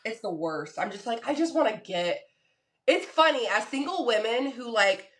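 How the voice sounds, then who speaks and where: A woman's voice: fairly high pitch, expressive, moderate pace. A young woman co-hosting a casual podcast chat, telling a story animatedly and acting out the people she quotes. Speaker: podcast co-host.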